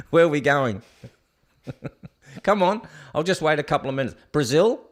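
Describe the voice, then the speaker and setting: A man's voice: on the high side, sing-song, a little slow. A man hosting a solo commentary show, reading news items aloud and mocking them in a sarcastic, ranting way. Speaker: host.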